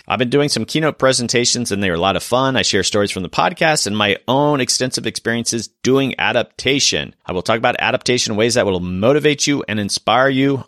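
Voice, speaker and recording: A man hosting a podcast, giving an upbeat sales pitch and talking straight to his listeners. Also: a bit bright, no echo, clean studio sound. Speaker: podcast host. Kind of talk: podcast outro and sponsorship pitch.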